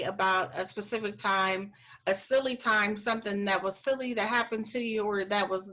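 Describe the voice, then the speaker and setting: A woman hosting a casual author chat, telling stories with lively laughter. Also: medium pitch, low-quality recording. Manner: animated storyteller, laughs often. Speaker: host.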